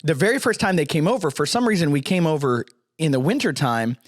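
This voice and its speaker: A man hosting a casual podcast, telling a story with animated energy. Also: a little high, fast talker, no echo, clean studio sound. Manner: animated storyteller, acts out quotes. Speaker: podcast host. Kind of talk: casual chat.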